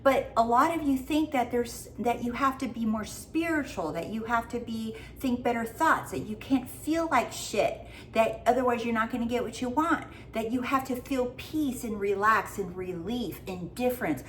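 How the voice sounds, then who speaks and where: A woman's voice: a little high, moderate pace, slight background noise. A woman life coach giving a casual motivational talk, goofy, blunt and freely swearing.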